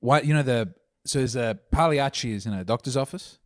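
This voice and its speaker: Guy deadpan pitching dumb sketch ideas, mid voice, dry sound. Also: a little fast, dry recording. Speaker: podcast co-host. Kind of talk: casual podcast banter.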